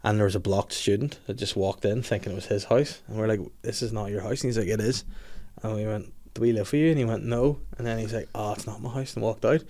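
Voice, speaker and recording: A man's voice: on the low side, steady tone, fast, hardly any pauses, dark tone. A middle-aged man hosting a podcast, telling a rambling, jokey story in casual chat and acting out the voices of people he quotes. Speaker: podcast host.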